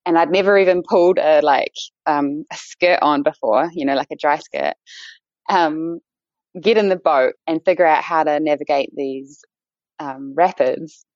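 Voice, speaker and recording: Woman, New Zealand accent, very low pitch, dry dull recording, rambling chatty guest. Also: normal speed, darkish tone, no echo. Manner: chatty, many fillers and restarts. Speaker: guest, endurance runner. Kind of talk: casual interview.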